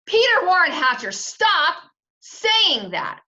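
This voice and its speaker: A woman's voice: high voice, big pitch swings, moderate pace, bright, forceful tone, highs cut off, pitched above the performer's own voice, exaggerated voice. Woman doing a flustered scolding mom. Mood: fussy. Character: flustered busy mother.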